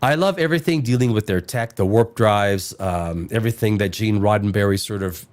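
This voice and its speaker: A man's voice: fairly low pitch, a little fast. A middle-aged man hosting a casual talk show, rambling, restarting his sentences and swearing casually. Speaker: podcast host. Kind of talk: casual chat.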